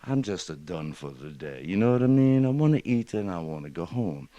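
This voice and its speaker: A man's voice: low-pitched, very animated, fairly quick, mellow, no room sound, highs cut off. A man doing a weary slangy rabbit. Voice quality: slangy, drawling. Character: sad tired rabbit, male, laid-back. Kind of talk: spoken-word storytelling on a band track. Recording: dry close studio mic.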